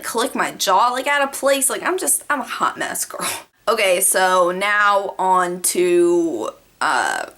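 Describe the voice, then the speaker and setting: A young woman vlogging casually, telling stories to the camera with lots of "like" fillers and animated asides. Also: mid-range voice. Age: young adult. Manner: chatty, animated, many "like" fillers.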